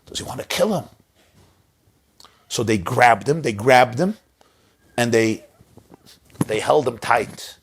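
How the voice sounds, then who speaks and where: A man's voice: mid-range voice, animated, measured pace, gravelly, pauses often, breathy edge. A man telling a story as a sermon, dramatic and repetitive in his phrasing. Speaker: inspirational speaker.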